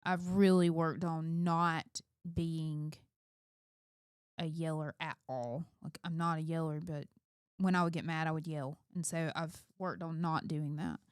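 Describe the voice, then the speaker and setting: A woman's voice: deep voice, steady tone, a little slow, clear, resonant tone, no room sound, studio quality. A middle-aged woman co-hosting a casual chat. She speaks emphatically and candidly, reflecting on her own habits. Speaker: co-host, mother of two.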